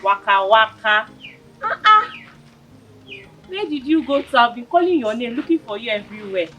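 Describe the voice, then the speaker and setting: A woman's voice: on the high side, very animated, moderate pace, soft background music. A Nigerian woman acting as a friend who calls through the house and then questions her neighbour. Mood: calling. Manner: loud calling, then questioning. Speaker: friend calling from outside. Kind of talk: Nollywood film acting.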